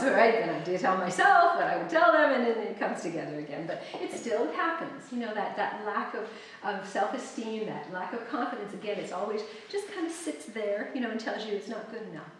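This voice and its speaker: A middle-aged woman author telling animated stories to an audience, laughing often and acting out quoted lines. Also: medium pitch, moderate pace, a little hiss or hum. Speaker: author giving a library talk. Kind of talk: storytelling talk to an audience. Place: library event room. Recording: roomy, distant mic with faint ambience.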